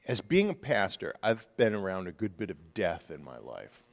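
A man who is a pastor, preaching a sermon and moving from quiet, hushed stories to loud, emphatic passages. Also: low voice, huge pitch swings, moderate pace, gravelly, big-room sound.

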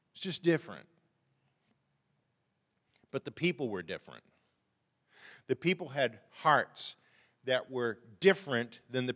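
A man preaching a sermon in a conversational, animated storytelling way. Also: on the high side. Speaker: pastor. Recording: reverberant hall.

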